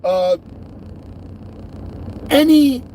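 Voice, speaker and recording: A truck driver vlogger delivers a direct-to-camera rant in a high, animated voice. He is emphatic and repeats himself, draws out his words, and swings between loud and quiet.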